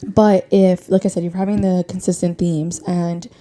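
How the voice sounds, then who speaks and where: A woman's voice: lowish voice, level tone, normal speed, dark tone. A woman co-hosting a casual podcast, talking bluntly and rambling, with a slight lisp from being tongue-tied. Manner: blunt, rambling, self-interrupting. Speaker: podcast co-host. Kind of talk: casual chat.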